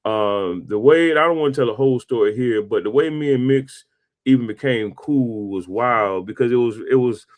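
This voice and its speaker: A man in his forties hosting a casual interview, telling stories in a relaxed, slang-filled way. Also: mid-range voice, moderate pace. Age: 40s. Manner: slangy storytelling, peppered with "bro" and "man". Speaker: podcast host.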